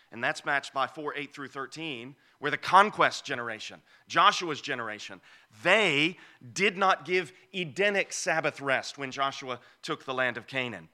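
A man preaching an expository sermon, swelling loud on key phrases and dropping low for asides. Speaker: pastor.

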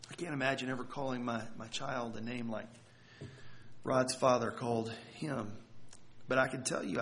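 A man preaching a sermon, telling a story earnestly, often repeating words and pausing for effect. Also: mid-range voice, fairly bright tone, slight background noise. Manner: earnest, halting with repeated words and dramatic pauses. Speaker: pastor.

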